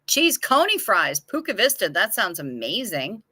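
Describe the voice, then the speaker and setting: A woman chats on her livestream at an unhurried pace, answering viewers by name in a frank, loose way with easy swearing. Her voice is bright and forward, recorded close and dry with no room sound. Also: mid-range voice, big pitch swings, husky, no echo. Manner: chatty and frank, with casual swearing. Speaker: livestream host. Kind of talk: casual livestream chat, reading viewer comments aloud.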